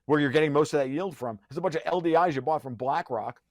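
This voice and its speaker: A man's voice: a little high, fast, a little mellow, no echo. Fiery, sarcastic man with a raised voice. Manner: profane, sarcastic, restarts often. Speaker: podcast guest. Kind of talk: heated conversational rant.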